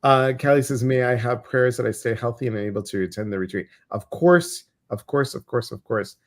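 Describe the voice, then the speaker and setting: A livestream host chats casually in a Midwestern American accent. He's animated and fairly quick, his medium-pitched speech peppered with fillers and false starts.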